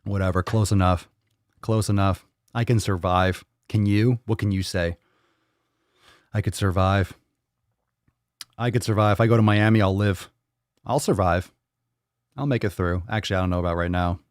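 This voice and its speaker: A man's voice: lowish voice, normal speed, pauses often, a little mellow, no echo, studio quality. A man hosting a fitness livestream in casual chat, playful and loose, swearing and repeating phrases in a sing-song way. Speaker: fitness show host.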